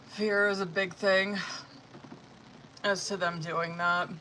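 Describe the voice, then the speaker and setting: A man's voice: sits high, little pitch movement, slow, pushed and bright, slight background noise. A man doing a casual, profane, chatty live tarot stream on his phone, laughing often. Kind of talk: casual livestream chat.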